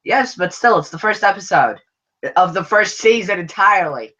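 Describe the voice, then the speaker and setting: A man co-hosting a casual reality TV chat with his mother, answering calmly and mildly disagreeing. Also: high voice, moderate pace, highs cut off. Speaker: podcast co-host, son.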